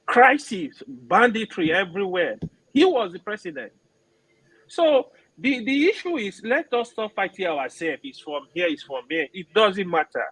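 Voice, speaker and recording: A man making an earnest, halting point in a group discussion. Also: high voice, sing-song, fairly bright tone, slightly rough, no echo, low-quality recording. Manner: earnest, halting, repeats words. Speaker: discussion participant.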